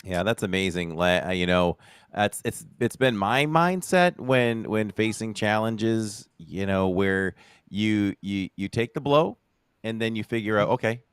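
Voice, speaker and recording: A man hosting a podcast, talking in a reflective, halting way. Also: on the low side, animated, clear, resonant tone, no echo, studio quality. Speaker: podcast host. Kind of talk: casual interview chat.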